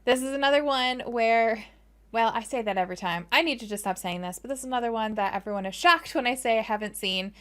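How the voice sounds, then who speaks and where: Bubbly young woman w/ a western new york accent reacting to a movie, kinda high voice. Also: quick pace. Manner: bubbly, excitable, laughs often. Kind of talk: casual reaction vlog.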